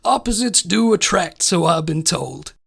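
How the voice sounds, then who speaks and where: Comedy bit: a man voicing a courtly Southern lawyer, gravelly, flowery and flirtatious. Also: sits high, expressive, measured pace, a bit bright, full character voice. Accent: put-on American Southern. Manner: florid, courtly, overly polite. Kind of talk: improvised comedy role-play.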